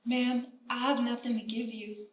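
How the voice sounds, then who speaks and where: An actress playing a shy, quiet young runaway woman who speaks in short, timid replies on a live theater stage. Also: fairly high pitch, flat delivery, recorded from a distance, highs cut off, lightly acted. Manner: timid, slow, few words. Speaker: stage actor. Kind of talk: live stage play acting. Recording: roomy theater stage, heard from afar.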